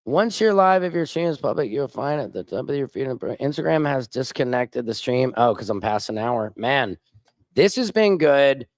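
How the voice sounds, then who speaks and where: A man's voice: mid-range voice, expressive, moderate pace, dry recording. A man hosting a casual political livestream, reading viewer comments aloud and mocking and taunting his critics. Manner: combative, mocking, reads chat comments aloud. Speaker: livestream host.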